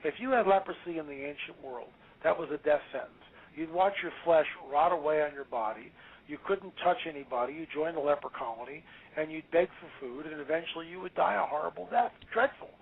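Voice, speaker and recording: A male author talking as an interview guest, emphatic and preachy, quick to exclaim. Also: fairly high pitch, creaky, breathy edge. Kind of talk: animated interview talk. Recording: tinny phone-line audio.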